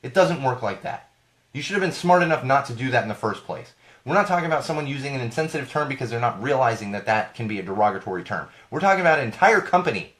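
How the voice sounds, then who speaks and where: A man hosting a live podcast, rambling and indignant in a casual rant, his voice going hoarse. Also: mid-range voice, a bit bright. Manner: rambling, indignant, self-correcting. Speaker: podcast host.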